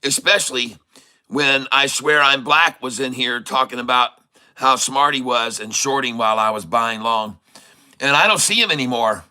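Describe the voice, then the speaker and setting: A man hosting a casual live day-trading stream, hoarse from losing his voice, teasing and greeting his viewers with frequent chuckles. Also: mid-range voice, normal speed, pushed and bright, rough recording. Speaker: day-trading livestream host.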